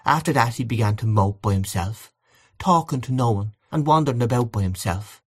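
The voice is labeled a woman's but described as a man voicing a grieving elderly Irish housekeeper, gossipy and plaintive, who rambles in a wistful, confiding way. It is extremely low in pitch, with lively intonation, a brisk pace, a breathy edge, and full character performance.

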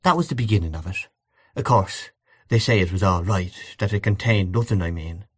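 A woman's voice: a bass voice, expressive, fairly quick, darkish tone, breathy edge, exaggerated voice. A man voicing a grieving elderly housekeeper who rambles in a wistful, confiding way. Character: grieving elderly Irish housekeeper, gossipy and plaintive.

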